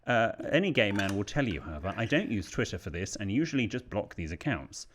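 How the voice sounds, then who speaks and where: A man's voice: fairly low pitch, brisk, a little hiss or hum. A British man co-hosting a podcast, reading listener letters aloud in a casual chat. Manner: lively, animated reading voice.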